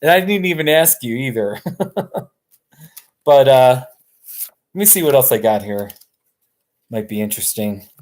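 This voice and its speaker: A man hosting a live stream from his couch, chatting casually in a relaxed, rambling way and chuckling often. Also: medium pitch, unhurried, long pauses, a little hiss or hum. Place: sitting on a couch at home.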